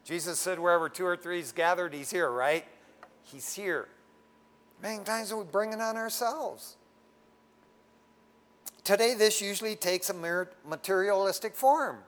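A man's voice: high voice, measured pace, long pauses, fairly bright tone. A man preaching a casual sermon to a congregation, frank and folksy, often tagging his lines with "man.". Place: standing before a congregation.

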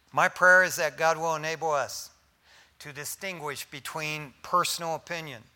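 A man preaching a sermon as a pastor, folksy and animated, with slangy asides, swinging from loud emphasis down to near-whispers. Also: fairly high pitch.

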